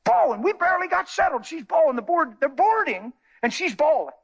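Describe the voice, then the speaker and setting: A man's voice: extremely high pitch, big pitch swings, a little fast, dull audio. A man preaching a sermon, telling stories animatedly and acting out the people in them. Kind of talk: sermon with storytelling.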